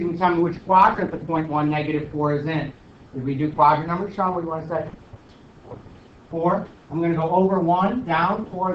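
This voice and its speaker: A man's voice: high voice, far from the mic, slight background noise. A man teaching a math class, questioning students and joking as a self-declared stickler. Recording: roomy, dull, from across the room.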